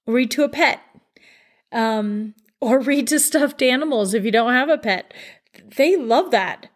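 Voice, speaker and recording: A middle-aged woman hosting a podcast, giving parents upbeat, chatty advice with lots of emphasis. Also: on the high side. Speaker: podcast host. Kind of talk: casual advice talk.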